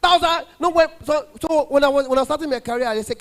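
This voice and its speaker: A man's voice: very high-pitched, fast talker. A Nigerian man performing stand-up comedy as an event MC, bantering with the crowd and mixing in pidgin. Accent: Nigerian English. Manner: banters with the audience, mixes in pidgin.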